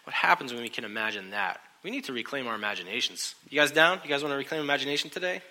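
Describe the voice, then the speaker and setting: A man preaching a sermon in a lively, joking way, often asking his listeners questions. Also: mid-range voice, rapid-fire. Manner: animated, joking, asks the crowd questions. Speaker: pastor.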